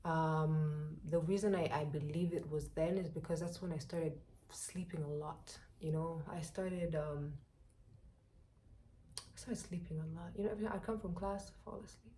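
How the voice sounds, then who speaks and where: A young woman from Rwanda, telling a personal story to her viewers in an animated, chatty way. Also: low-pitched, moderate pace, a little hiss or hum. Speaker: vlogger.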